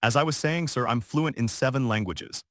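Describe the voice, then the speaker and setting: A man reading the lines of a highly educated young waitress, gracious but firm, in a synthetic storybook narration. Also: normal speed, a bit bright, no echo, clean studio sound, natural voice. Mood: calm.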